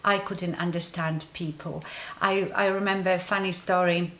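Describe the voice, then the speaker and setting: A woman's voice: lowish voice, fairly even intonation, normal speed, a bit bright. A woman from Poland with a Polish accent, a native Polish speaker, telling a personal story to her viewers in a rambling, conversational way, full of ums. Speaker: beauty vlogger. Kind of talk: casual story-time monologue.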